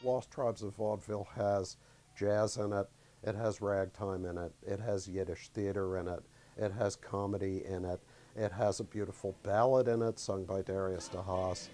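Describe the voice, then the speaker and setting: A man talking about a vaudeville show on the radio in a relaxed, lightly amused way. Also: on the low side, moderate pace, faint music behind. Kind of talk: radio talk about a production.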